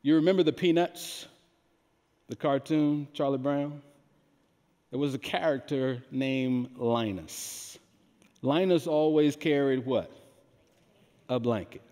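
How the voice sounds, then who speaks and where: A man preaching a sermon, slow and emphatic, drawing answers from the congregation with questions. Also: medium pitch, warm tone. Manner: slow, emphatic delivery with call-and-response questions. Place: large church hall. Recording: long hall reverb.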